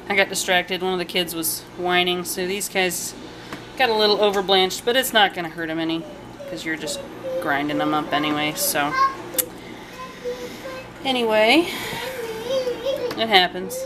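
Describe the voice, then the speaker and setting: At a normal pace broken by long pauses, a woman with a fairly low voice chats casually through a cooking vlog from her kitchen. As the home cook and channel host, she rambles with fillers and asides, and the home video has noticeable background noise.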